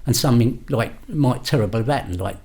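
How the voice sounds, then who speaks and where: An older man talks in a blunt, matter-of-fact way. He tells long stories and slips into the voices of the people he quotes, without changing who he is. His pitch sits in the middle range. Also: brisk, creaky, dark tone. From London. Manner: blunt, acts out quoted exchanges in his own voice. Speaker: guest, former gangster. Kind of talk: storytelling interview.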